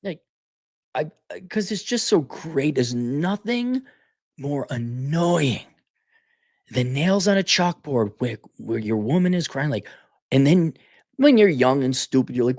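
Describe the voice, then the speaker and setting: A man hosting a casual opinion monologue, blunt and animated, often restarting his sentences. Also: mid-range voice, measured pace, no room sound, studio quality. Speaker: podcast host.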